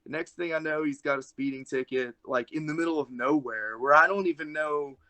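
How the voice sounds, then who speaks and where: A man's voice: a little high, brisk, bright, forceful tone. A young man, a wrestler guest, chatting casually on a podcast and telling a rambling story full of "like"s.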